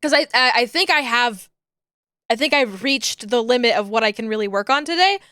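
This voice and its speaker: A woman streamer chats casually with her viewers in a high, smooth voice. She rambles, giggles a lot and stops to hunt for the right word. The sound is close and dry, with no room in it. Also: lively intonation, fairly quick, pushed and bright, no echo. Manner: rambling, giggly, searches for words.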